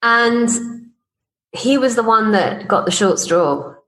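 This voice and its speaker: A woman's voice: fairly high pitch, animated, slow, fairly bright tone, low-quality recording. A woman business coach, a podcast guest, telling personal stories in casual conversation and acting out the dialogue she quotes. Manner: chatty, acts out quoted dialogue, laughs while telling stories.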